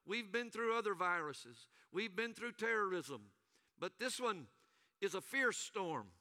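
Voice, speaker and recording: A man preaching a sermon as a pastor, with call-and-response and dramatic pauses. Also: high-pitched, animated, bright, forceful tone, long reverb tail.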